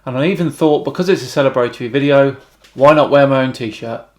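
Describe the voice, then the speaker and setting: A British man hosting a YouTube channel, reading out viewer comments and answering them with wry, deadpan remarks. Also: medium pitch, brisk. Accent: British English. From Britain.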